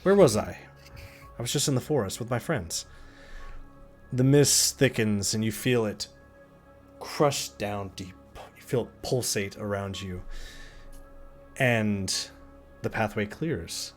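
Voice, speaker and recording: A man narrating a tabletop fantasy game as game master, in slow dramatic storytelling. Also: on the low side, soft background music.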